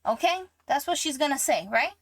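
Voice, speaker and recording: A woman with a fairly high voice delivers blunt commentary, swearing freely and lecturing with total certainty. The sound is close and dry, with no room around it. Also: lively intonation, brisk, fairly bright tone, dry recording. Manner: profane, emphatic, preachy. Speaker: guest commentator and author.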